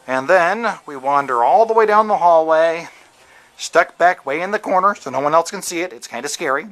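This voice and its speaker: A man's voice: medium pitch, fairly bright tone. A man who works as a radio DJ, giving a casual, jokey walking tour of a station's offices and studios, with lots of fillers and restarts, recorded on a handheld camera indoors.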